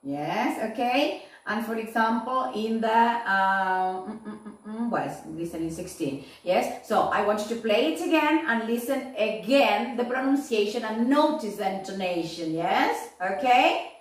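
A woman's voice: a little high, expressive. A woman teaching an English lesson, often checking in with "yes?" and "okay?". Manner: slow, repeats "yes?" and "okay?" to check understanding. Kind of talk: recorded online lesson. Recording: echoey room, voice from far off.

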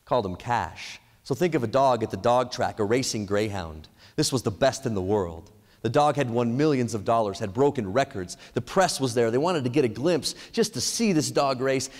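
A man giving an energetic motivational speech on ethics, asking the audience many questions. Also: medium pitch. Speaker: speaker at an ethics event. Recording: echoey hall reverb.

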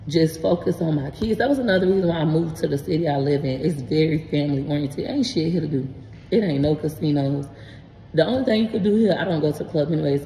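Low-voiced, frank woman vlogging. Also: in a large hall, slight background noise. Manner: frank, animated, swears casually. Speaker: content creator and parent. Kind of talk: casual vlog explaining homework help.

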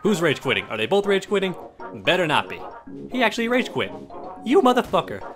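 A man giving live gameplay commentary as a channel host, taunting opponents and swearing, dropping low to mutter and then jumping up in excited yelps. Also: a little fast, over music. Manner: trash-talking, taunting, swearing.

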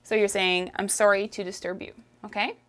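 A woman with a Canadian French accent teaching a French lesson, drawing out phrases slowly for the listener to repeat and checking in with "okay?". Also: mid-range voice, level tone, fairly bright tone. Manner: slow, drawn-out pronunciation drills, frequent "okay?" checks. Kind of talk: language lesson, modelling phrases for repetition.

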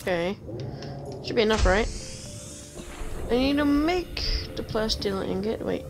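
Slow-talking woman muttering through a game. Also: medium pitch, animated, gravelly. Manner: mutters to herself while playing. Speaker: streamer. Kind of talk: casual gameplay commentary. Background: game music.

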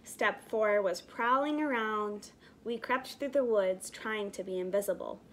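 A woman teaching preschoolers online as a zoo educator, gently encouraging and reading a picture book aloud with animated storytelling. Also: mid-range voice, a little slow, slight background noise.

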